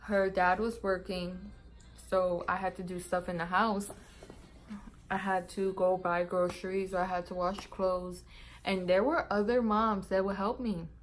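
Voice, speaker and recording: A woman's voice: mid-range voice, level tone, unhurried, poor audio. A young woman chatting casually to camera as a mom vlogger, rambling, laughing often and using slang.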